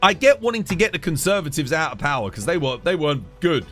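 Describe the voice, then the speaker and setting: A British man streams live, ranting in a heated, casual way, swearing a lot and repeatedly calling his listeners "dude." His voice is on the high side, a bit bright, very animated and fast, with soft music in the background.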